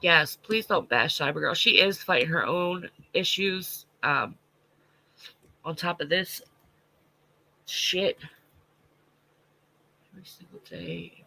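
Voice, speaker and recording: Gravelly, sharp-voiced congested man. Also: on the high side, slow pace, pauses often, slight background noise, poor audio. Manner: responds to viewer comments, blunt and profane. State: congested, stuffy nose. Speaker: livestream host. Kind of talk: casual livestream chat.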